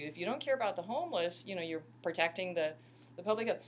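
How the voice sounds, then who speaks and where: A woman's voice: medium pitch, lively intonation, fast talker, a little hiss or hum. A middle-aged woman teaching a microbiology lab class, talking in a chatty, impassioned way and calling her students "you guys". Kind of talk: classroom lecture.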